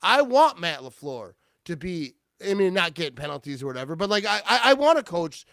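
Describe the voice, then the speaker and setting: A man hosting a casual football talk show, his voice smooth and a touch high. He gets excitable, laughs often and restarts his sentences. The sound is dry and close. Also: a little fast, dry recording. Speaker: podcast host.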